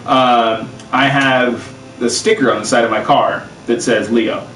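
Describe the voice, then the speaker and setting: Young male podcast co-host, animated storyteller, recorded in a roomy space off-mic. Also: mid-range voice, unhurried, a little hiss or hum. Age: young adult. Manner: animated storyteller, loud acted quotes. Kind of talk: casual chat. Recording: roomy live stream, mic at a distance.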